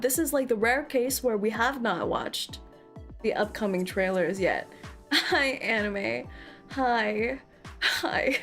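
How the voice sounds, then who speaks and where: High-voiced playful woman streamer. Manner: playful, theatrical, teasing. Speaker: VTuber streamer. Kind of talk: casual live-stream chat with viewers.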